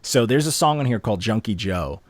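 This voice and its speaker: A man's voice: lowish voice, dry recording. A young man co-hosting a casual music review podcast, ranting animatedly and swearing a lot. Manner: animated, profane, quick rants. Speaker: podcast co-host reviewing albums. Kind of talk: casual chat.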